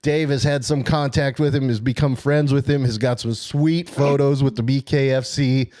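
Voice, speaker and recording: A man co-hosting a casual sports podcast, telling a long story in an excited, rambling way. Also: mid-range voice, moderate pace. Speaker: podcast co-host.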